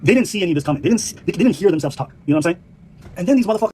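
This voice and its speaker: A man with a very high, husky voice talks at a breakneck pace. He rants in a brash, mocking way, heated and laughing as he goes. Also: animated, racing, darkish tone. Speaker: online commentator. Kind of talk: profane reaction rant.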